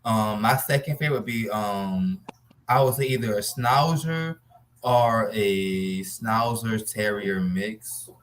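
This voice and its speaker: A man's voice: fairly low pitch, expressive, slow pace, a little hiss or hum. A man chatting casually on a podcast, blunt and emphatic, swearing freely. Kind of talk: casual chat.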